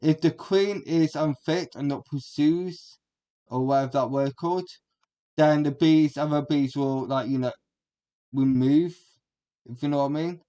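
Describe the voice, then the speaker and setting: A man's voice: a little high, steady tone, measured pace, mellow, lo-fi sound. A man, giving a rambling, crude and combative reaction commentary as a streamer.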